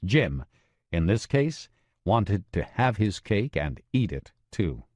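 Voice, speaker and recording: A man narrating a true-crime audiobook in a measured, expressive way. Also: lowish voice, dry recording, clean studio sound.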